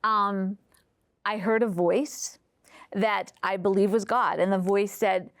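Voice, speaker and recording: A woman's voice: medium pitch, steady tone, dry recording. Hesitant middle-aged woman in a dry interview. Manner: hesitant, many pauses and fillers. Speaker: interviewee, mother of the guest. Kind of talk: personal interview.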